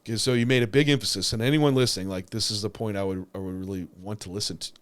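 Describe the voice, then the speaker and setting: Young man, podcast co-host, casual chat, rambling with fillers, somewhat low voice. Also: steady tone, quick pace. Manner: rambling, lots of filler words and restarts.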